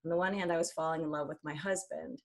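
A middle-aged woman with a slightly low voice, chatting as a guest in an interview. She talks in an animated, expressive way, laughs easily and now and then sings a line to make her point. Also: fast talker, vocal fry. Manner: animated, laughs often, breaks into sung phrases. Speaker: singer-songwriter guest. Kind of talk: casual interview chat.

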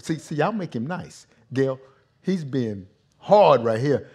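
A male pastor preaching a sermon in a vernacular style, swinging from hushed, intimate passages to loud shouting. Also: medium pitch, animated, slow, breathy edge.

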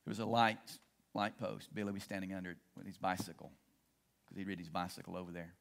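A man's voice: low-pitched, fast, creaky. Storytelling man preaching a sermon. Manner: storytelling preacher, swings between excited and hushed. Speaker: pastor.

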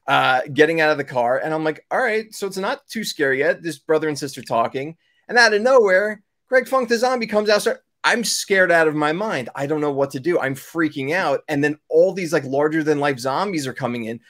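A man's voice: on the high side, a little fast, fairly bright tone. Rambling male storyteller from New York. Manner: rambling, many fillers and self-corrections. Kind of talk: casual storytelling chat.

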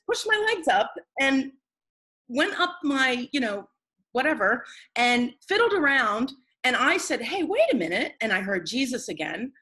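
A woman's voice: fairly high pitch, pushed and bright, husky, poor audio. A woman who is a guest in a conversation, telling a personal story in an earnest, rambling way with many restarts.

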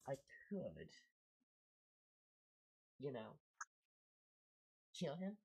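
A scheming snake lady in a tabletop game speaks in hushed, coaxing commands, as a woman game master puts her on. Her voice sits very deep for a woman. She is low and quietly manipulative. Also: wildly swooping pitch, very slow, gravelly, slightly rough, exaggerated voice, rough recording.

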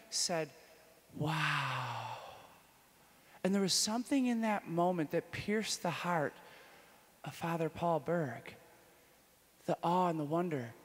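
High-voiced priest, echoing hall. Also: male voice. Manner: lively storytelling, shifts between loud enthusiasm and hushed intimacy. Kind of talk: conference talk, personal testimony. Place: conference hall. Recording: long hall reverb.

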